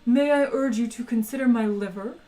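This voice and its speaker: A woman's voice: fairly high pitch, mellow, distant mic, soft background music, pitched above the performer's own voice, natural voice, rough recording. Woman voicing a courteous meat creature. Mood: obliging. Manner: courteous, obliging, unhurried. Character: polite male creature bred to be eaten, contented.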